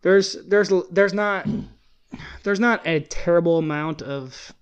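A man's voice: sits high, slow, clean tone. A man co-hosting a podcast in casual, rambling chat, laughing often. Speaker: podcast co-host.

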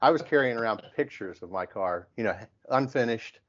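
Brisk and mid-range, this Midwestern American man tells stories casually and animatedly, voicing the quotes of the people involved. The audio is dull.

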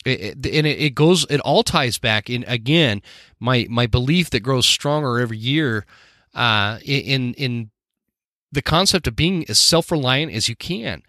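A man's voice: medium pitch, lively intonation, measured pace, pushed and bright, no echo, clean studio sound. A man hosting a podcast, talking in an earnest, reflective way during a casual conversation. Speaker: podcast host.

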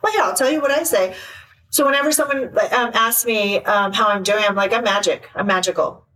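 A woman life coach chatting in an interview, animated and acting out little quoted voices. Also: fairly high pitch, brisk, distant mic, a little hiss or hum, low-quality recording. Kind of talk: casual interview chat.

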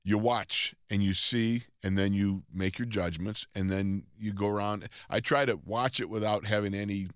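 A man's voice: fairly low pitch, fairly even intonation, moderate pace, hardly any pauses, smooth, no room sound, studio quality. A man co-hosting a sports radio show, chatting casually, joking and laughing a lot between rambling thoughts. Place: radio studio.

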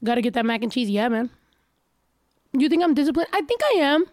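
A woman's voice: high voice, lively intonation, fairly quick, no echo. Blunt, profane woman, stuffy nose. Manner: blunt, profane, laughs often. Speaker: streamer reading viewer comments. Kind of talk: casual chat.

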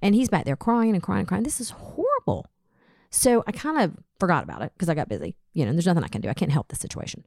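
Animated storytelling woman radio host. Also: fairly low pitch, quick pace, creaky, dry recording, clean studio sound. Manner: animated storyteller acting out quotes. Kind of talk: casual chat, storytelling.

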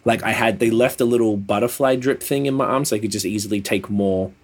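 A man in pain telling a rambling, sweary story in casual chat over a call, sounding a little flat. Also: lowish voice, quick pace, husky. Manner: laid-back, swears often, rambling. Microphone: video call.

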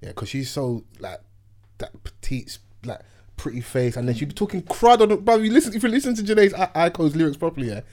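A young man with a slight lisp, chatting on a podcast. His voice sits a touch high and swings lively up and down. He riffs in slang and laughs easily. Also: brisk. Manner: laughs a lot, slangy banter. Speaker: podcast co-host. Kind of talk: casual chat.

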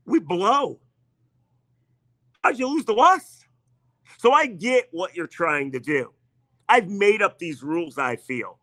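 A sports radio host, driving his point home over and over in a needling, emphatic rant. His voice sits a touch high and rings bright and forceful. The sound is close and dry, with no room at all. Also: no echo. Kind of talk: sports talk monologue.

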